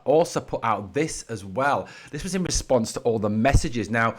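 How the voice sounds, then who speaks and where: A man's voice: mid-range voice, lively intonation, normal speed. A man hosting his own football fan channel, giving heated, blunt solo commentary scattered with "you know".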